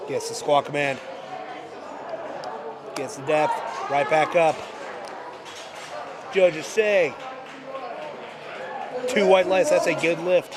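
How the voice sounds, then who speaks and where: A man with a congested, slightly high voice gives live play-by-play from a powerlifting meet. He talks in a relaxed way, corrects himself as he goes and adds dry asides. Steady venue noise sits behind him. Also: slow, pauses often. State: congested from a cold. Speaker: meet commentator. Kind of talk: live sports commentary.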